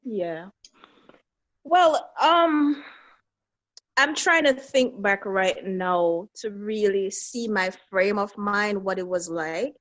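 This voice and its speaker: On an interview show, a middle-aged bereaved mother earnestly recounts losing her young son, reliving each moment and voicing the people she quotes. Her medium-pitched, slightly bright voice moves slowly through this emotional personal story.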